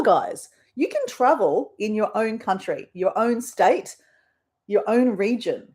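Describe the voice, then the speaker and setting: A woman's voice: on the high side, big pitch swings, a little slow, darkish tone. An Australian woman hosting a casual live stream, chatting in a rambling way with her viewers. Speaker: livestream host.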